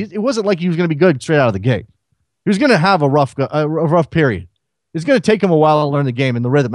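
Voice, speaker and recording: A man's voice: a little high, no room sound, studio quality. A man hosting a solo sports talk radio show, firing rhetorical questions at listeners.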